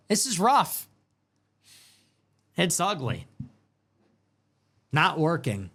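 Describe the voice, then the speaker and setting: A young adult man hosting a political commentary show, delivering a sarcastic, emphatic rant that swings between loud jabs and low mutters. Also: lively intonation, measured pace. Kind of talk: ranting political commentary monologue.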